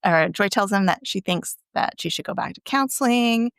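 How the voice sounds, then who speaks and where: A woman's voice: medium pitch, expressive, normal speed, vocal fry, a bit bright, no room sound, clean studio sound. A woman casually recapping a TV episode on a podcast, chatty and often laughing as she acts out the lines. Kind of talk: casual chat, recapping a show.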